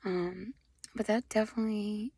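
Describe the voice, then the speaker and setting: Tearful, gravelly woman giving a testimony. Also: mid-range voice, steady tone, no echo. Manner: halting, many soft whispered stretches, fighting back tears. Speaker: vlogger sharing a personal testimony. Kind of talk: emotional personal testimony to camera.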